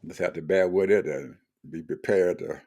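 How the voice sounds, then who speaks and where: Deep-voiced man chatting casually. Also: moderate pace, gravelly. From Georgia, USA. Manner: relaxed, chuckles often, repeats himself. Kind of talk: casual chat.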